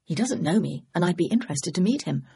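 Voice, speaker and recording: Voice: medium pitch, lively intonation, fast, creaky, mellow, breathy edge, heavily acted. A narrator voicing a curious, spirited young woman amateur detective who speaks eagerly.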